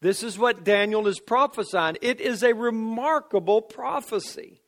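A man's voice: high-pitched, normal speed, fairly bright tone. A man preaching a sermon, speaking emphatically and building to fervent declarations.

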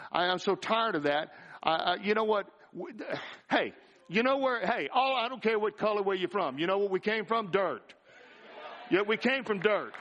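A middle-aged male pastor preaching a sermon with excitement, often repeating and restarting his words. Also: high-pitched. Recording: dull lo-fi sound.

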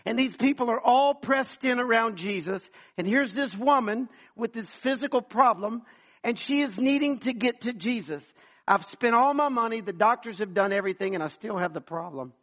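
Guy preaching, pretty high voice, acts out the stories big. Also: a bit bright. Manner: dramatic storytelling, acting out voices. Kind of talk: sermon.

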